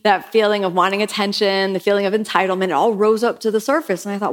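A woman's voice: medium pitch, moderate pace, few pauses. Earnest woman yoga teacher, reflective. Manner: earnest, reflective, acts out her past self in bright quoted lines. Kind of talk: motivational talk.

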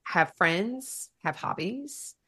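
A woman's voice: medium pitch, animated, very slow, sharp tone, husky. Bubbly woman hosting a chat podcast. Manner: chatty, bubbly, steers the talk. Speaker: podcast host. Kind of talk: casual chat.

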